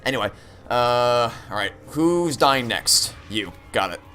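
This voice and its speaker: A man's voice: mid-range voice, lively intonation, slow, bright, forceful tone, faint music behind. A young man streaming a game, rambling candidly with frequent restarts and profanity. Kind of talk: live-stream chat while gaming.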